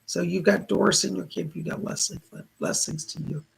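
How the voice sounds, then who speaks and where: Hoarse male medium on a live stream, gravelly and husky, relaying what spirits say. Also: high voice, steady tone, a little fast, poor audio. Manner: relays spirit messages as quoted speech. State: hoarse, losing his voice. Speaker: psychic medium. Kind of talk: live-stream psychic readings.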